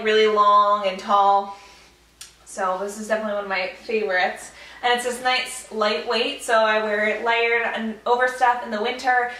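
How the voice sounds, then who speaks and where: A woman's voice: fairly high pitch, sharp tone, recorded from a distance. A young woman vlogging casually about her clothes, chatty and enthusiastic, with lots of "like" and "uh". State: out of breath. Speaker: fashion vlogger. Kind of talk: casual vlog narration. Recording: echoey room, away from the mic.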